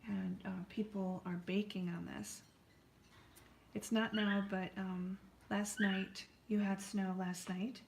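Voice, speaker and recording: A woman's voice: mid-range voice, flat delivery, slow, vocal fry, roomy sound, slight background noise. An American woman hosting a live painting stream from her art studio, chatting and rambling in a friendly way to viewers as she paints. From United States.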